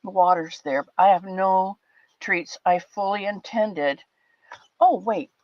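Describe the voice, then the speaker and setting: An older woman hosting a livestream, chatting warmly and rambling with her viewers in a casual, affectionate way. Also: medium pitch, takes it slowly, no echo. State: a bit teary. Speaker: livestream host. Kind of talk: casual chat with live chat viewers. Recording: dull lo-fi dry sound.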